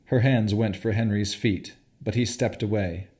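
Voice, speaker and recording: A man narrating a fantasy audiobook in a measured, expressive way. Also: fairly low pitch, breathy edge.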